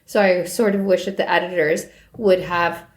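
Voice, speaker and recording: A woman co-hosting a podcast, chatting casually about books in an animated way and laughing often. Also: lowish voice, moderate pace. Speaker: podcast co-host. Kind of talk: casual book chat. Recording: echoey room.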